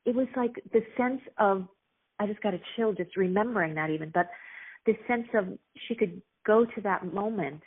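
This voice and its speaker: A middle-aged woman, an author and actress, telling stories earnestly and reflectively in an interview, with many pauses and restarts. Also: mid-range voice, breathy edge. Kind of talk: casual interview storytelling. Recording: tinny phone-like line.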